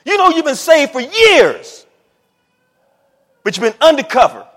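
A man's voice: very high-pitched, huge pitch swings, unhurried, fairly bright tone, big-room sound. A man preaching a sermon in a conversational way, calling out to the congregation. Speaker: pastor.

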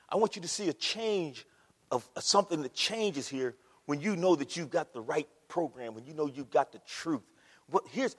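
A man preaching a sermon with passion, moving from a soft hush to near shouting. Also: fairly high pitch, breathy edge. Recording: long hall reverb.

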